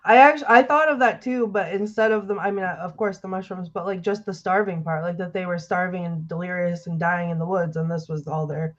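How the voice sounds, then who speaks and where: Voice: mid-range voice, steady tone, brisk, few pauses. A hesitant panelist on a video call, trailing off mid-thought, heard through dull, muffled audio. The voice is mid-range. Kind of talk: casual film discussion.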